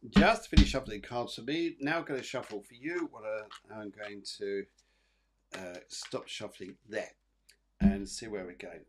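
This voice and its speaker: A man's voice: lowish voice, heavy background noise. A man hosting a live psychic show, giving reassuring, rambling readings full of fillers and repeated phrases. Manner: rambling and repetitive, many fillers and restarts; soothing, reassuring, addresses viewers by name. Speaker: psychic medium and show host.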